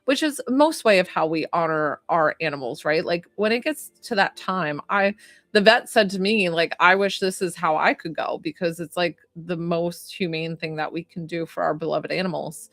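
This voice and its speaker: A woman's voice: on the low side, normal speed, fairly bright tone, dry recording, faint music behind. A young adult woman doing a psychic reading on a casual livestream, talking in a chatty, emotional way with lots of fillers.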